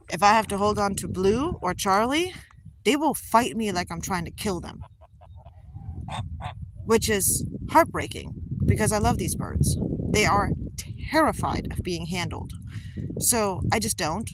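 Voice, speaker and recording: Rambling woman outdoors, loud background noise. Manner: rambling, with frequent "like" and "um" fillers; coos to her birds in a much higher voice. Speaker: goose keeper livestreaming. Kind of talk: casual livestream chat.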